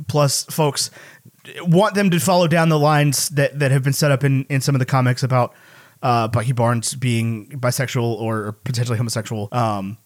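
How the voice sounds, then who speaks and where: A man's voice: medium pitch, steady tone, moderate pace. A man co-hosting a casual chat, thoughtful and hedging, often trailing off mid-thought. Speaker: podcast co-host.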